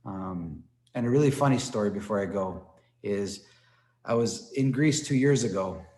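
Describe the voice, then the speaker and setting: A man's voice: fairly low pitch, animated, moderate pace, warm tone, roomy sound. A man teaching an online martial arts class, telling stories and encouraging students with frequent "right?" and "okay?" tags. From Toronto. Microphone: computer mic on a video call.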